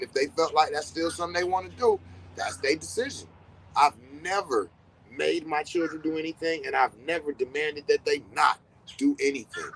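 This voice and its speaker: A man's voice: on the high side, slightly rough, rough recording. Blunt, profane man telling stories. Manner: blunt, profane, emphatic repetition; animated storytelling with quoted dialogue. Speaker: podcast host. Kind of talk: casual monologue.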